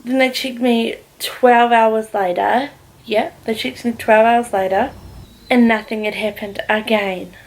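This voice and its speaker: A woman's voice: a little high, a little slow, poor audio. Frank, chatty woman vlogger. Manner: candid, heavy swearing, animated retelling. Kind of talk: casual storytelling.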